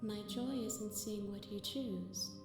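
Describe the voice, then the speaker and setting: A solemn, otherworldly princess-goddess voiced by a woman speaks in slow, poetic lines with a mid-pitched voice. Her voice rings through a roomy echo over loud game music. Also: lightly acted. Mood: serene. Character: shifting cosmic goddess princess, calm and introspective. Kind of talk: game dialogue.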